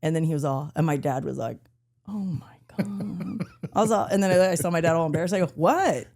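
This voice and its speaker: A woman co-hosting a podcast, telling funny stories in a casual, animated way and acting out the people in them. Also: deep voice, racing. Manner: animated storyteller, acts out voices. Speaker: podcast co-host. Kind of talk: casual chat.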